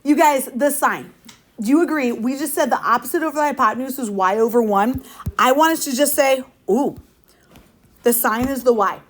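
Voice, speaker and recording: In a high-pitched voice at a moderate pace, a female high school math teacher lectures her class. She stays upbeat and playful and frequently quizzes the room.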